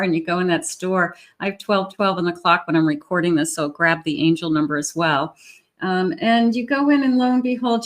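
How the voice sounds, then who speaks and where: A woman's voice: lowish voice, fairly bright tone. A middle-aged woman giving a tarot love reading in a chatty, rambling way, with restarts and little laughs. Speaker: tarot reader.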